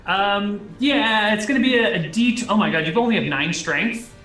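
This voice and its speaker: A man runs a tabletop game as dungeon master, his bright, fairly high voice ringing in an echoey room. He explains the rules casually and revels in gross descriptions. Faint music plays underneath. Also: normal speed. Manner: casual, amused, vivid gross narration. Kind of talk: running a tabletop game over voice chat.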